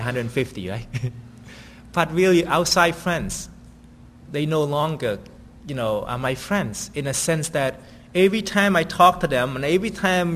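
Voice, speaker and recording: A man preaching in a loose, chatty way, often tossing in "right?" as he goes. His voice sits a little high for a man. A long reverb tail hangs on every phrase. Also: fairly bright tone, slight background noise. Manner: conversational, keeps asking "right?". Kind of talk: sermon.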